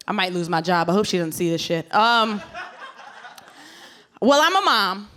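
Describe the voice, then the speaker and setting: A woman's voice: mid-range voice, very animated, slow, a bit bright. A woman from Virginia Beach doing a stand-up comedy set, sassy and brash, punching her jokes with asides. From Virginia Beach, USA.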